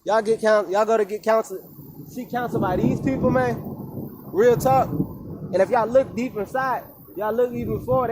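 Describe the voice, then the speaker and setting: A man's voice: sits high, normal speed, noisy background. A man, a wellness coach, talking to his viewers in an emphatic, preachy way with lots of casual slang. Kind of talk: informal monologue to viewers.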